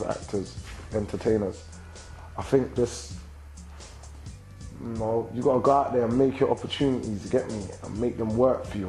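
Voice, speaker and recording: A rapper and actor in his twenties, London accent, speaks in a lowish voice through a low-quality recording. He answers the interviewer in a laid-back, slang-filled style, tacking "you get me" onto sentence after sentence.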